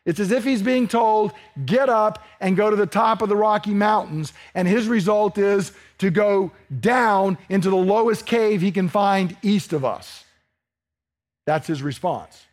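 A man's voice: high-pitched, a little slow. A man preaching a sermon, telling it in a folksy way with personal stories and asides. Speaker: pastor.

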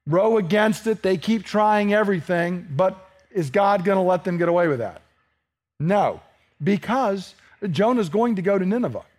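A man preaching a sermon to a congregation, asking them questions and acting out the dialogue of the story. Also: high-pitched. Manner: animated, asks the congregation questions, acts out dialogue.

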